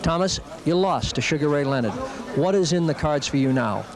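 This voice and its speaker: A man's voice: fairly high pitch, expressive, brisk, a crowd in the background. A man interviewing a boxer at a press conference, asking formal, pointed questions. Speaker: sports interviewer.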